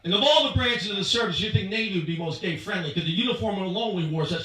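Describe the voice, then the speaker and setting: High-voiced male stand-up comic. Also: fast talker, hardly any pauses, heavy reverb, distant mic, low-quality recording. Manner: punchy, animated crowd work. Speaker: stand-up comedian. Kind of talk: stand-up comedy set. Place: comedy club stage before a live audience.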